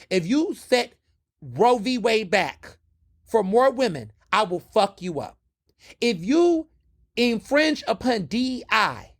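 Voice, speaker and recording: A man hosting a podcast, delivering a fiery, profane political monologue. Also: sits high. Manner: fiery, profane, lively and emphatic. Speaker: podcast host.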